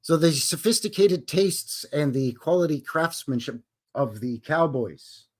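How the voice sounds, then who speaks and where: A man's voice: on the high side, lively intonation, unhurried. A man hosting a live stream, greeting viewers in a jokey, folksy way with cowboy slang. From Canada. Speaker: livestream host. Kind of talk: casual live-stream chat.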